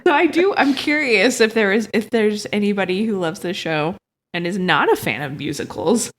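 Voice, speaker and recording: A young woman co-hosting a casual podcast, expressive, laughing and swearing freely. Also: medium pitch, moderate pace. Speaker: podcast co-host.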